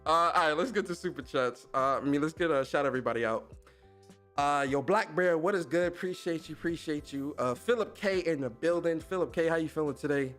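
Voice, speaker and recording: A man hosting a casual live stream, giving rapid slangy shout-outs to his chat. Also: fairly high pitch, soft background music. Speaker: podcast and stream host.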